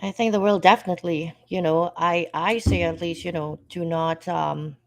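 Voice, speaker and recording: A woman's voice: on the low side, steady tone, moderate pace, gravelly. A woman talking as a guest on a live panel chat, reflective and speaking with conviction.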